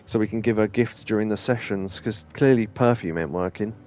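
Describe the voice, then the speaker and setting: A man's voice: fairly low pitch, a little fast, a little mellow. A man hosting a let's play, talking casually and rambling with plenty of ums and asides. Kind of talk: casual gameplay commentary.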